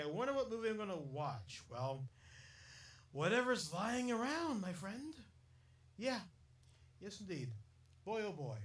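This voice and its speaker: A man with a high, bright voice hosts a rambling solo podcast, talking slowly with lots of jokes and laughter. He sounds a little away from the mic in an echoey room. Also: recorded from a distance. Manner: chatty and jokey, laughs often, breaks into silly asides. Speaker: podcast host.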